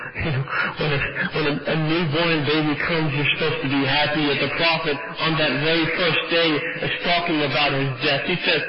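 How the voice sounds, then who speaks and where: A man's voice: on the high side, fairly even intonation, moderate pace. A man preaching a mourning sermon in an emotional, tearful storytelling manner. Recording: echoey, dull lo-fi, loud noise.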